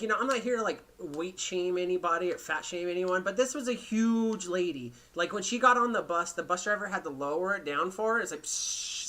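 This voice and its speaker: Guy on a podcast rattling off a story super fast, swearing a lot. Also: sits high, sharp tone. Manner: profane, rambling anecdote telling. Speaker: podcast host. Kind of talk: casual storytelling chat.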